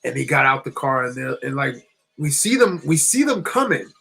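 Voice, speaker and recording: A man from New Jersey, a channel co-host, telling a personal story in a halting, repetitive way with many restarts. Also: mid-range voice, big pitch swings, gravelly, sharp tone, slightly rough, soft background music, low-quality recording.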